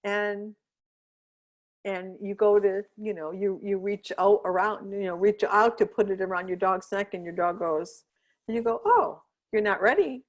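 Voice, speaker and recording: A woman who trains dogs talks through her podcast in a relaxed, chatty way, with her voice sitting in an ordinary middle pitch. She explains things earnestly and step by step, and she keeps checking in with her listener as she goes. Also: moderate pace, dull audio. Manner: chatty, checks in often with "right?" and "you know what I mean?". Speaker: podcast host and dog trainer. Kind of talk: casual podcast talk.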